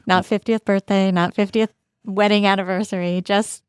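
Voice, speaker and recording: A woman co-hosting a podcast, giving quick, playful replies and thinking aloud in casual chat. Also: mid-range voice, level tone, clear, resonant tone, dry recording, studio quality. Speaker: podcast co-host. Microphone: studio microphone, on camera.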